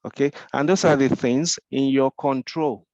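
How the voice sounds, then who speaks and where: Gravelly Nigerian-accented man mentoring. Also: medium pitch, fairly even intonation, moderate pace, a little mellow, no room sound, highs cut off. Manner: rhetorical questions, frequent repeated restarts. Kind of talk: explanatory Q&A discussion.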